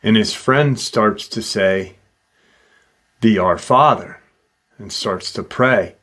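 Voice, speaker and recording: A middle-aged man slowly retelling a witness's eerie encounter in a casual, halting way, with many fillers. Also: on the low side, fairly bright tone. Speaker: host retelling a witness account. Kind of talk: casual storytelling.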